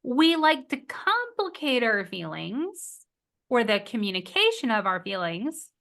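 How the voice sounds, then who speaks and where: A woman therapist explaining relationship skills in a podcast interview, animated and acting out quoted lines. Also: fairly high pitch, unhurried, vocal fry. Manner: animated, acts out quoted voices of clients. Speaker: marriage and family therapist guest.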